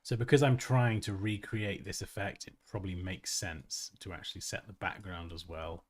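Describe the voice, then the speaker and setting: A man's voice: low voice, fairly even intonation, moderate pace. A man hosting a casual design tutorial livestream, chatty and self-mocking, who laughs often and reads chat comments aloud.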